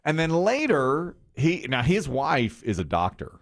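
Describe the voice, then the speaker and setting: A middle-aged man hosting a morning radio show, telling a story in a casual, animated way and laughing often. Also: fairly high pitch, a little slow. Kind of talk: casual chat.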